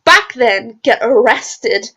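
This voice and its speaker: Hoarse woman rambling excitedly with gravelly fry. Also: a little high, slow. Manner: rambling, excitable, swears freely. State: hoarse, voice going. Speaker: video creator reacting to a TV episode. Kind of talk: casual reaction vlog.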